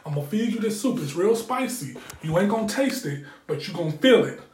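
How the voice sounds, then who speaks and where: A kind night nurse soothes her patient in a gentle, reassuring voice, put on by a man who lifts his pitch well above his own. The sound carries a roomy echo, as if spoken in an open room. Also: lively intonation, fairly quick, recorded from a distance. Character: kind, caring middle-aged woman night nurse.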